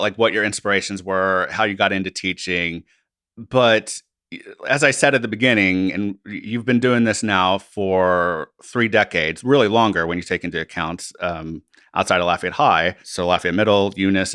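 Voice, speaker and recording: Young male interviewer, low pitch, bright tone, dry close mic. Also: moderate pace, dry recording. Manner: long, carefully hedged questions. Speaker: interviewer, former student. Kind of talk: casual interview questions.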